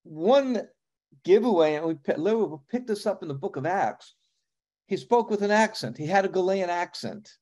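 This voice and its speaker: A middle-aged pastor with a New York accent teaches a sermon in a loose, chatty manner. His voice sits a bit high for a man but sounds mellow and warm. He stops on fillers and asks the congregation questions as he goes. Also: expressive, normal speed.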